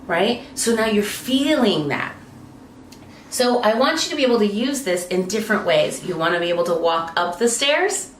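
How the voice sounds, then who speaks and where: A woman coaching public speaking, deliberately sweeping her voice up and down to show the effect. Her voice is middle-pitched and the sound is roomy, picked up from a little way off the mic. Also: lively intonation, slight background noise. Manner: demonstrates pitch changes, swooping between high and low tones. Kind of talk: instructional talk. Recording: roomy, slightly distant mic.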